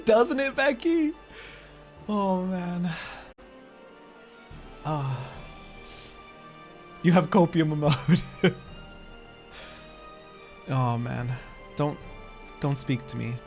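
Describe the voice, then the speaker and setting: A man's voice: on the high side, lively intonation, very slow, pauses often, darkish tone, faint music behind. A man live-streaming a video game, reacting with emotional, rambling and swearing talk while joking with his chat.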